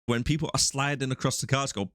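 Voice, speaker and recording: A man co-hosting a movie podcast, telling scenes with amused, lively chat. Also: mid-range voice, fast, dry recording, clean studio sound. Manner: animated, amused storytelling. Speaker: podcast co-host. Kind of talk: casual movie review chat.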